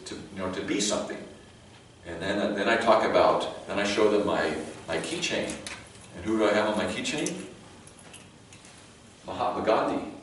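A low-voiced man with a Californian accent preaches a conversational sermon that often restarts mid-thought and slips in light jokes. He sounds set well back from the microphone, his voice ringing through a very echoey church hall over a faint background noise. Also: far from the mic. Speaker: pastor. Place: church sanctuary.

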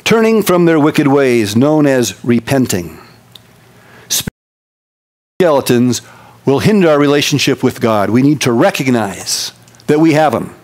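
A man preaching a sermon as pastor, folksy and animated, swinging from quick loud bursts to slow quiet emphasis. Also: medium pitch.

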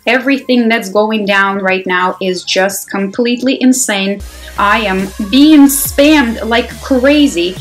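A woman giving live commentary on her own mobile game, excitable and talking to herself, swinging from loud exclamations to quiet muttering. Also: medium pitch, slow pace, poor audio. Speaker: mobile game player and channel host. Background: faint background music.

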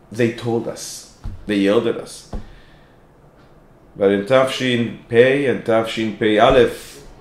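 A man, a rabbi, giving a sermon told through lively stories, acting out the people in them. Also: medium pitch, roomy sound. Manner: animated storyteller, acts out quoted voices. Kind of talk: sermon with storytelling.

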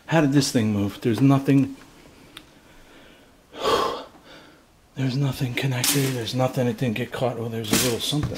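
A man's voice: medium pitch, steady tone, normal speed, pauses often, background noise. A man filming a ghost-hunting vlog alone inside an abandoned house, nervous and jumpy, swearing often. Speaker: paranormal investigator vlogger.

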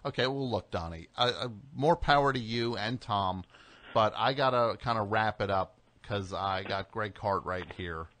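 A man's voice: fairly low pitch, normal speed, fairly bright tone. A man hosting a comedy radio call-in show, dry and exasperated with a caller. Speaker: radio host.

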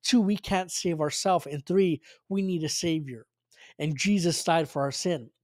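High-voiced earnest man preaching a testimony. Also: unhurried, a little mellow, no echo, studio quality. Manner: earnest, retelling dialogue with frequent restarts and fillers. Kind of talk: sermon testimony storytelling.

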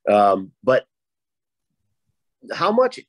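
A man's voice: mid-range voice, huge pitch swings, very slow, no echo, rough recording. A man from Rhode Island with a Rhode Island accent, a guest author talking casually and rambling with many restarts. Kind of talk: casual panel chat.

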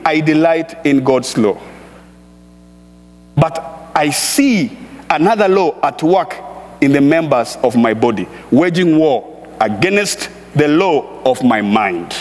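A man preaching a sermon and reading scripture, speaking emphatically and building to shouted exhortations. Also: a little high. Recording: echoey church hall reverb.

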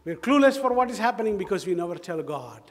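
Indian English male pastor, high voice, emphatic, repeats lines for effect, long church-hall echo. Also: very animated, quick pace. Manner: emphatic, repeats phrases, asks the congregation rhetorical questions. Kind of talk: sermon. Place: church sanctuary.

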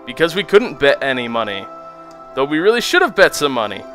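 A man's voice: mid-range voice, fairly quick, soft background music. A young man giving casual, joking commentary while he plays a video game. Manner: joking, self-mocking, animated. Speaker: let's play host.

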